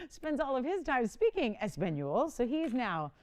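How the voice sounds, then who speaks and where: On a live shopping channel filmed in a television studio, a chatty woman in her forties presents with lots of laughter. Her voice sits high with huge pitch swings, a darkish tone, and a slightly slow delivery.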